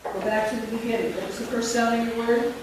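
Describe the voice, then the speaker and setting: A woman's voice: a little high, steady tone, fast talker. Female workshop instructor, quizzing and dictating; distant mic, echoey room, noisy. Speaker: teacher trainer. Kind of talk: teacher training workshop. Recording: very echoey room from far off, with noise.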